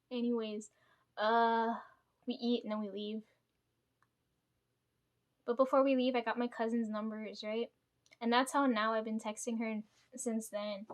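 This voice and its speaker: A young adult woman telling a casual personal vlog story, rambling with many fillers and tag questions and swearing freely. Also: fairly high pitch. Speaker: vlogger.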